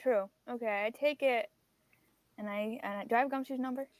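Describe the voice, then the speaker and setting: Hesitant high-voiced woman player. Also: brisk, no room sound. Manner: hesitant, stumbling starts, giggly. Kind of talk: playing a tabletop role-play game.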